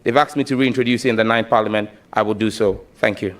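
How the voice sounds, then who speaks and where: A man's voice: on the low side, fairly even intonation, fast. A man answering questions as a nominee before a parliamentary committee, speaking emphatically and declaratively. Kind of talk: formal testimony. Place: parliamentary committee hearing room.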